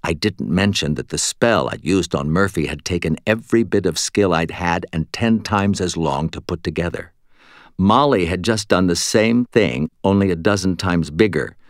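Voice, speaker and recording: A man reading a first-person story for an audiobook in a measured, expressive way, close to the mic. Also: low voice, no echo. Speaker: audiobook narrator.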